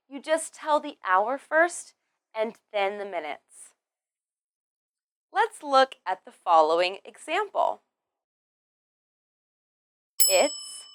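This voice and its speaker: A woman teaching English pronunciation, drilling words one by one and stressing each clearly. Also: fairly high pitch, a bit bright, dry recording. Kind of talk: slow, deliberate pronunciation lesson.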